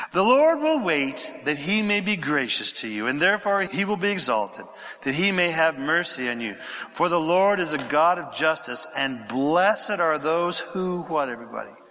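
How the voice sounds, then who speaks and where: A pastor preaching a sermon, reading scripture aloud, questioning his congregation and dropping to a whisper for quiet passages. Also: fairly high pitch, lively intonation, moderate pace. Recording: echoey hall with long reverb.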